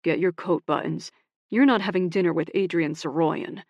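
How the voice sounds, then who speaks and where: A woman narrator voicing a blunt, possessive young man with loud, clipped delivery. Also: fairly low pitch, normal speed, no room sound, muffled recording, natural voice. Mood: heated.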